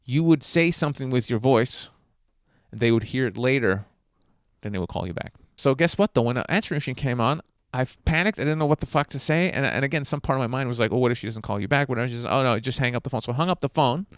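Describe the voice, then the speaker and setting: A man's voice: mid-range voice, fast talker, clean tone, dry recording, studio quality. A man telling candid, self-mocking dating stories in a casual monologue, swearing and using lots of fillers.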